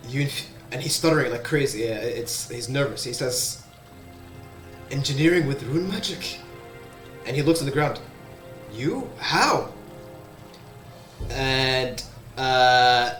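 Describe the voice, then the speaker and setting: Game master with a roomy echo. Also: male voice, medium pitch, fairly bright tone. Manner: hesitant, many fillers. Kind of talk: narrating a tabletop game. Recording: echoey room sound.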